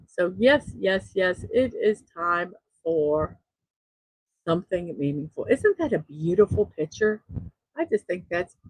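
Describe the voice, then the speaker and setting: Slow, chatty middle-aged woman host. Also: on the low side, big pitch swings, no room sound, poor audio. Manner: chatty, laughs at her own jokes, restarts often. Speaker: host of a daily morning show. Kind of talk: casual solo show, reading memes aloud.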